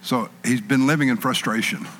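A man preaching a sermon in an animated way, acting out panicked people in a raised voice. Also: medium pitch, a little fast, long reverb tail.

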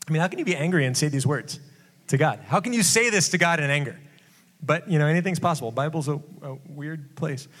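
Jokey preacher in a reverberant hall. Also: male voice, on the high side, animated, fairly bright tone. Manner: conversational, jokey, quick asides. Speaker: pastor. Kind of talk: casual sermon.

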